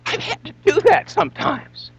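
A man's voice: extremely high pitch, expressive, normal speed, vocal fry, fairly bright tone, rough recording. A man preaching a sermon as pastor, emphatic, asking rhetorical questions and stretching out repeated phrases.

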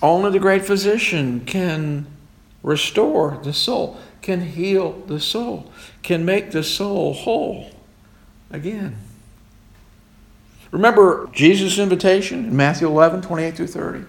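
A man's voice: high-pitched, measured pace, vocal fry. A man preaching a sermon in an earnest way, asking rhetorical questions as he goes. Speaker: pastor.

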